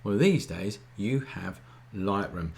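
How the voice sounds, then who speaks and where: In a slow, gravelly, lowish voice, a man hosts a live photography Q&A. He teaches in a relaxed, chatty way, regularly checking in with viewers by asking "all right?"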